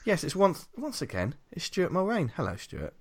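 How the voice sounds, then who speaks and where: Lively man hosting a podcast. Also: a little high, normal speed, breathy edge. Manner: animated, laughs often, teasing. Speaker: podcast host. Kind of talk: casual banter podcast.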